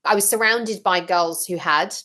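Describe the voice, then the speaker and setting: A woman talking as a podcast guest, telling her story frankly and with lively, blunt humour. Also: lowish voice, moderate pace. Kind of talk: casual interview chat.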